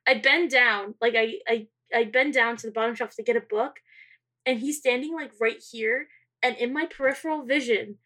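A young woman co-hosts a podcast, telling a dating story with lots of energy, acting out the quotes and often swearing and laughing. Her voice sits fairly high, with bright, forceful tone, fairly even intonation and a moderate pace. It's a casual storytelling chat.

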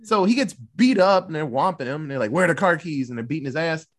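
A man's voice: on the high side, lively intonation, fast talker, a bit bright. A man casually retelling a movie plot for a podcast, loose and profane, slipping into the characters' lines. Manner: loose, profane storytelling with acted-out quotes. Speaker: podcast co-host.

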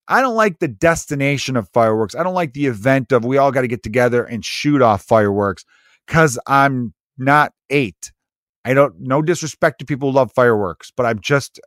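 An American podcast host in his mid-thirties delivers a rambling, sarcastic, profane comedic monologue in a casual style. His mid-range voice is captured in studio quality with no room sound.

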